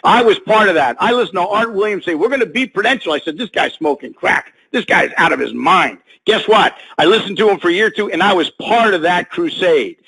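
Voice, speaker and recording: Loud pumped-up man on a phone call. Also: high-pitched, lively intonation, fairly quick, creaky, hardly any pauses, slightly rough. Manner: loud, pumped-up, preachy, sports talk. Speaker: guest speaker on a conference call. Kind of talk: motivational call speech.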